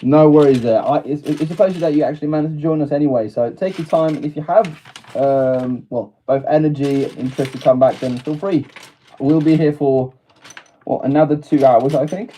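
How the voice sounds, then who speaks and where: A man's voice: medium pitch, mellow, a little hiss or hum. A British man chatting casually on a live stream, laughing often and answering his chat as he goes.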